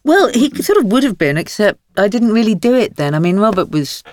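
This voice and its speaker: A woman in her sixties, a guest author in a podcast interview, telling stories in a wry, lively way with frequent laughs. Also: mid-range voice, brisk, dry recording, studio quality.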